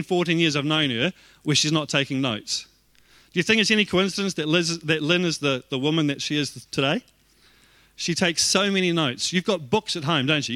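A man with a high, bright voice preaches to his church with energy. He shifts easily into playful asides and little jokes with the congregation. The sound is close and dry, with almost no room echo. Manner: lively, joking asides to the congregation. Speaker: pastor. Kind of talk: sermon.

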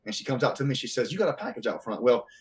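Animated man telling a story. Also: mid-range voice, racing. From Southern US. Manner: animated, acts out quoted voices. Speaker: podcast guest. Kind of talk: casual storytelling.

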